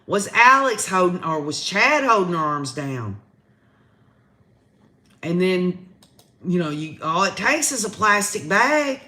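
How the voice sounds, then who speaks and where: A woman's voice: on the low side, very animated, takes it slowly, pauses often, sharp tone. A woman with a Southern American accent hosting a casual livestream, chatting straight to her viewers. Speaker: livestream host. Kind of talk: casual live commentary.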